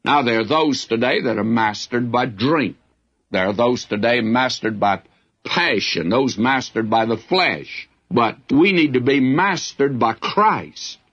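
A man's voice: mid-range voice, lively intonation, a little slow, fairly bright tone, highs cut off. A man preaching a verse-by-verse sermon as a Bible teacher, in a folksy way with frequent asides.

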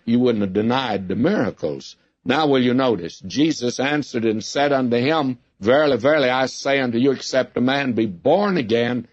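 A man's voice: medium pitch, dry recording. Man preaching in a dull lo-fi recording. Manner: storytelling, acting out quoted lines. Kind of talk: sermon.

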